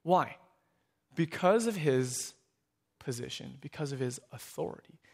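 A man preaching a sermon in an animated way, often restarting with repeated words. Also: medium pitch, unhurried, creaky, husky. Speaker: pastor.

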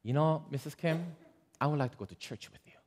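A man voicing a cheerful, friendly older woman neighbor in a sermon story, speaking in a high, sing-song way. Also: fast talker, darkish tone, lightly acted. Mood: eager.

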